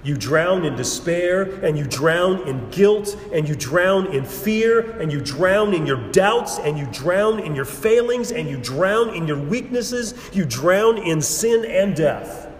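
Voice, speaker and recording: Male preacher, slow and weighty sermon delivery, emphatic repetition, recorded in an echoey sanctuary. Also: sits high, animated. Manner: measured, emphatic preaching with repetition and dramatic pauses. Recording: roomy hall with long reverb and faint background noise.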